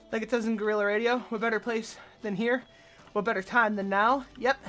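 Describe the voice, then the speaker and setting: Woman streamer, slightly high voice, crude jokey play-by-play, faint music underneath. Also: steady tone, moderate pace, a bit bright. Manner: crude, joking, sighs often. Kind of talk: casual gaming commentary.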